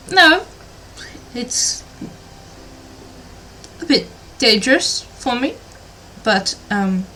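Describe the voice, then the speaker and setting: A woman's voice: on the high side, gravelly, bright, forceful tone, a little hiss or hum, full character voice, rough recording. A woman voicing a formal, reserved gothic woman mage. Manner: formal and halting.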